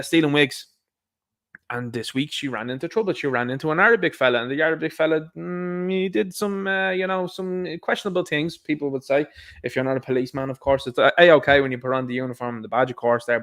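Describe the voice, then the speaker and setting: Irish male host, mid-pitched, sardonic, rambling ranter, casual delivery. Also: fairly bright tone. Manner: sarcastic, rambling, with asides. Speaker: commentary show host. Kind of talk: casual opinion commentary.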